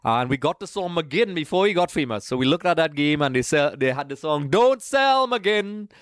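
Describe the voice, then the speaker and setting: A man's voice: fairly high pitch, a little fast, no echo, clean studio sound. A man from Trinidad, hosting a live watch-along stream in a casual, chatty way, greeting viewers by name and calling them folks.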